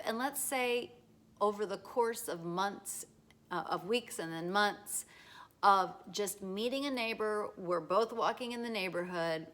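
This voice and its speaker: A woman giving a casual talk, acting out short dialogues in lively voices and often repeating herself. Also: mid-range voice. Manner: acts out little dialogues in bright voices; repeats words, restarts, fillers. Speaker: teacher.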